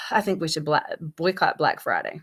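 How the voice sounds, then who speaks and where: On her livestream, a middle-aged woman cooks in her home kitchen and reads viewer comments, chatting casually and bluntly with plenty of swearing. Her low voice is a bit bright and slightly rough.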